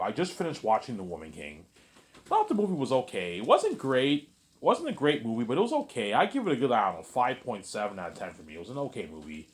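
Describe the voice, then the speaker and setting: A man vlogging a late-night monologue, meandering and repeating himself, restarting sentences and saying "obviously" again and again. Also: fairly low pitch.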